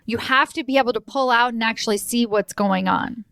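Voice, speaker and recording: A woman's voice: brisk, gravelly, a bit bright, no echo, clean studio sound. A woman hosting a solo podcast as a career coach, chatty and emphatic, laughing and asking "right?" often and acting out quoted voices. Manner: acts out quoted voices with pitch jumps.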